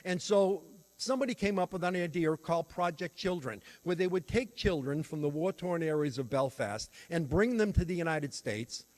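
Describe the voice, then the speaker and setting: Older male speaker with a higher-pitched voice, earnest storytelling for a lecture to teachers and parents. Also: animated, normal speed, hardly any pauses, a little mellow. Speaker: workshop speaker on teaching children.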